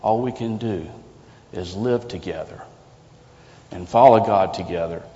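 A male pastor with a fairly low voice delivers a conversational, earnest sermon, tossing out rhetorical questions. His voice carries a long reverb from the sanctuary, and the recording sounds somewhat dull and lo-fi. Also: measured pace, warm tone. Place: church sanctuary.

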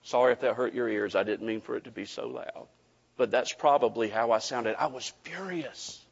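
A man's voice: mid-range voice, normal speed, gravelly, breathy edge. Male pastor, folksy storyteller, church hall echo, muffled sound. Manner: folksy storytelling, animated, addresses the congregation. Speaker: preacher. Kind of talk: sermon with a personal story. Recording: dull audio with long hall reverb.

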